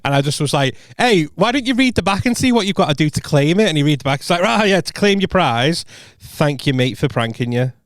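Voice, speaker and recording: Man telling lively pub-style anecdotes. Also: a little high, brisk, no room sound, clean studio sound. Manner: animated anecdotes, acts out quotes, swears freely. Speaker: podcast co-host. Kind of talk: casual chat, storytelling.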